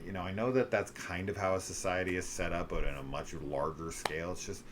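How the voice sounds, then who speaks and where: A man's voice: deep voice, steady tone, fairly quick, slight background noise. A man reviewing a horror film in casual chat, rambling with lots of fillers and the odd swear.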